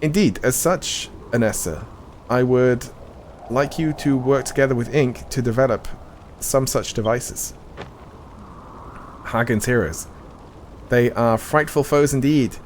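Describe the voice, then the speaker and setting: A man reading out a stern army commander's lines from a game, slowly and deliberately. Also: mid-range voice, a little hiss or hum, natural voice. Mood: solemn.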